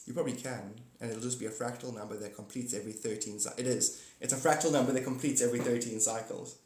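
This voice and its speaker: A man's voice: mid-range voice, steady tone, fast, a little mellow. Guy rambling on his phone livestream, chatty, jumps topic to topic, roomy echo. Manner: giggly, jumps between topics, talks to viewers by name. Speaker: livestream host. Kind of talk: rambling casual livestream chat. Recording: echoey room.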